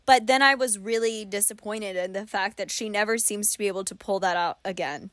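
A young woman co-hosting a casual book discussion podcast, animated and quick to laugh, acting out reactions as she talks. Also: mid-range voice, no echo. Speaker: podcast co-host.

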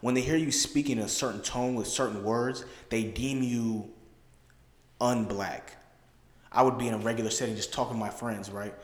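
A man's voice: medium pitch, fairly even intonation, normal speed. A man hosting a podcast, speaking reflectively and emphatically in casual discussion and often checking in with "right?". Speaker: podcast host. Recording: roomy with long reverb.

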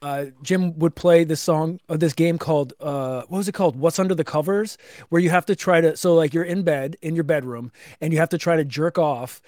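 A young man co-hosting a podcast with a fairly high voice, swearing freely and rambling through fillers as he reads notes aloud. The recording is close and dry. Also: brisk, a little mellow, no room sound. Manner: profane, rambling with many fillers. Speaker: podcast co-host. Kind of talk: casual chat reading notes.

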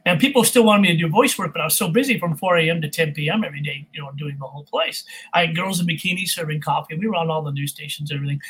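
A middle-aged man, a voice and accent coach, telling animated stories as an interview guest, laughing often and imitating people. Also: fairly high pitch, rapid-fire, hardly any pauses, husky, low-quality recording. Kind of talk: casual interview storytelling.

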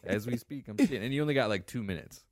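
A man in casual chat, relaxed and joking, telling stories with plenty of swearing. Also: medium pitch, fast talker, no room sound, studio quality.

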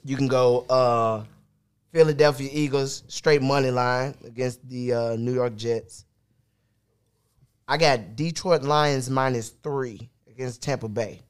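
A man's voice: mid-range voice, fairly even intonation, a little slow, smooth. A man hosting a sports betting picks segment in casual podcast banter, hyped and boastful, laughing often.

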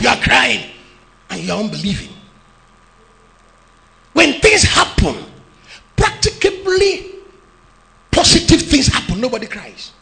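A man preaching a sermon as pastor, emphatic, with phrases shouted and sung out. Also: very high voice, sing-song, unhurried, gravelly, long pauses. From Nigeria.

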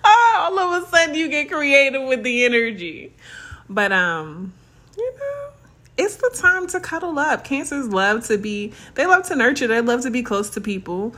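A young adult woman hosting a casual solo podcast, chatty and animated, laughing often and calling her listeners baby and y'all. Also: high-pitched, moderate pace. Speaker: podcast host.

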